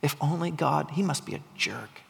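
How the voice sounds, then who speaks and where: A man voicing a tempter spirit of self-pity and fear, speaking low, soft and taunting. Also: animated, moderate pace, gravelly, slightly rough, exaggerated voice. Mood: wheedling. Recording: long hall reverb.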